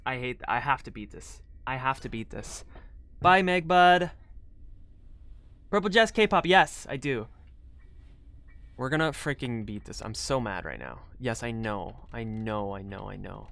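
A bright, forceful young male voice narrating his own live gameplay. He mutters to himself between moves and now and then bursts into loud, startled yelps. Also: medium pitch, lively intonation, unhurried, creaky, pauses often, dry recording. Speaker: gaming streamer.

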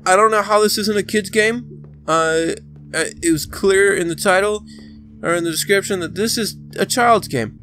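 Excitable male let's play commentator. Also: high-pitched, normal speed, soft background music. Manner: excitable, talks to the game character, bursts into shouting. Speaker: gaming channel host.

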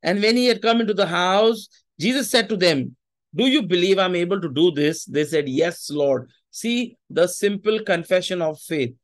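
A man's voice: sits high, normal speed. A man preaching a sermon, emphatic and repeating his phrases, with Hindi asides.

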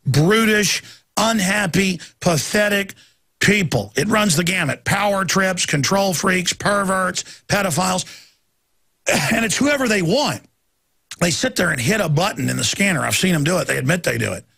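This man's high, animated voice is creaky yet pushed and bright, with a breathy edge, moving at a moderate pace. He's hosting a radio talk show, giving an emphatic, heated monologue that jumps between stories.

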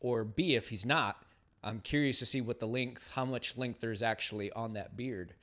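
Man, podcast co-host; laid-back, slangy, "uh"-heavy advice; mid-pitched voice. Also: normal speed, fairly bright tone. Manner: laid-back, slangy, many 'uh's, laughs at own slips. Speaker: podcast co-host, beard stylist. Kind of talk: live-stream podcast chat.

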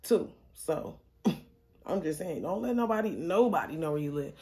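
Blunt woman with a gravelly, mellow voice. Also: sits low, moderate pace. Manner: animated, blunt, swears freely, laughs often. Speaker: storyteller vlogger. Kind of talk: casual storytime monologue.

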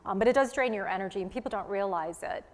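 A woman working as a psychic medium, chattily giving live readings to a studio audience. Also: mid-range voice. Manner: chatty, quick, relaying messages in asides. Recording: long reverb in a studio hall.

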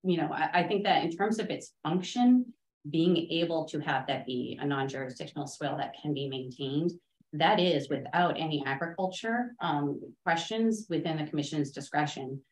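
Brief: low-pitched woman consultant, measured and technical, echoey meeting room. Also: expressive. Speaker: consultant presenting to a town board. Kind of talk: public meeting discussion.

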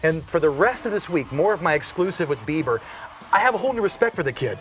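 A middle-aged man hosting a TV entertainment segment, talking in a playful, animated way. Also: fairly high pitch, fast talker. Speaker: TV entertainment host.

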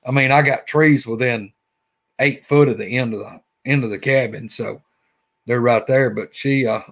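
A guest with a Southern Alabama accent shares a casual story at a moderate pace. His medium-pitched voice is a bit bright with fairly even intonation, and he rambles folksily, saying things more than once.

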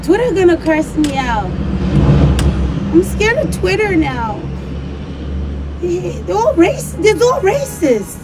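A woman's voice: very high-pitched, big pitch swings, takes it slowly, long pauses, heavy background noise. A woman rehearsing a comic persona, talking in a theatrical, profane way with mock outrage. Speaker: comedic performer.

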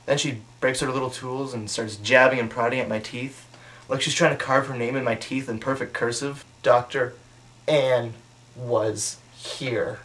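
A young man telling a comic monologue, deadpan, with mocking put-on voices when he quotes people. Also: mid-range voice, fairly quick.

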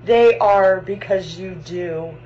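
A woman who co-founded an animal sanctuary speaks earnestly and with deep gratitude, then talks outdoors at the sanctuary. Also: takes it slowly, darkish tone, slightly rough, lo-fi sound. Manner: emotional, grateful, earnest. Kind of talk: heartfelt address, then outdoor tour.

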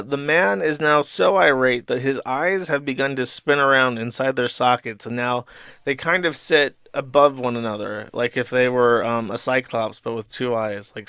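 A man's voice: mid-range voice, fairly bright tone, smooth, dry recording, clean studio sound. Rambling crude-talking man host. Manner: rambling, crude, lots of fillers. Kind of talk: casual commentary reading a comic.

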